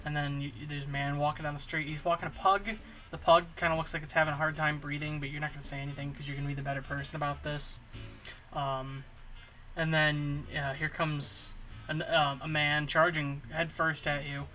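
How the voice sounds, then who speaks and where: A man spinning an improvised comic ramble, his voice very bright and a touch high. He keeps restarting and filling gaps with um's as he goes. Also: flat delivery, fairly quick, soft background music. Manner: rambling, full of fillers and restarts. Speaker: comedy channel host.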